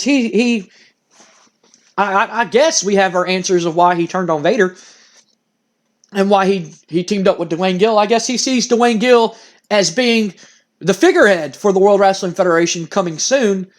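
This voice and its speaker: A man hosting a let's play, giving casual, rambling commentary and thinking aloud. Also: high-pitched.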